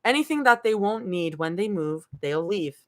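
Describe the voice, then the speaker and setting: A woman's voice: mid-range voice, animated, normal speed, a bit bright. A woman reading fan fiction aloud live, breaking off to laugh and react.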